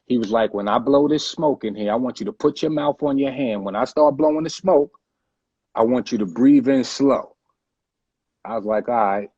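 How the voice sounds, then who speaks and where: A man in an interview, telling a story in a relaxed way and swearing freely. His voice is husky and mid-pitched. The recording sounds dull and dry. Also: normal speed, dry recording. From United States. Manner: laid-back, profane storytelling. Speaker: rapper, interview guest. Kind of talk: casual storytelling.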